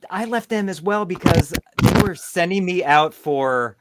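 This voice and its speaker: A man's voice: high voice, lively intonation, measured pace, heavy background noise. A man hosting an interview podcast, chatty and self-deprecating in casual conversation. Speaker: podcast host.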